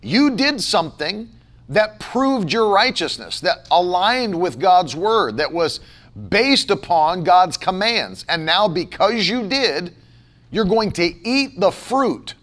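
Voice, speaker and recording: A man's voice: high voice, big pitch swings, slow, fairly bright tone. A man pastor preaching a sermon, emphatic and repetitive, firing off rhetorical questions.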